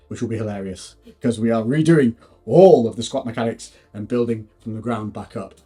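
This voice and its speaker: A young fitness vlogger chats casually to camera about his diet and training, playfully throwing in silly whoops and hums. His mid-range voice is mellow and husky, recorded on an on-camera shotgun mic at home and in a garage gym.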